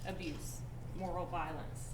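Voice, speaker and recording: A woman gives a staff training talk in a room, casual and halting as she corrects herself. She is picked up from a distant mic, so the room echoes. Steady noise sits behind her. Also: on the low side.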